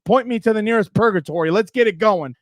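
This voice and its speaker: Man, very high voice, worked-up sports rant, loud bursts, dry close sound. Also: fast talker, no room sound. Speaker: podcast co-host.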